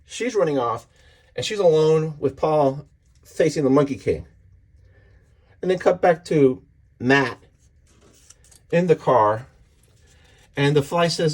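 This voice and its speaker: Speaking slowly and pausing often, a man with a fairly high, expressive voice enthusiastically retells a comic book issue. He keeps it casual and voices each character's lines.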